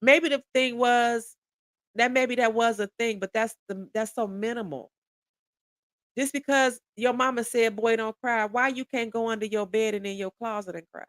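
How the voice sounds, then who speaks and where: A woman's voice: fairly high pitch, steady tone, normal speed, a bit bright, dry recording, studio quality. A woman in her forties giving a candid podcast monologue, blunt and profane, often restarting and repeating words as she presses her point. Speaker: podcast speaker.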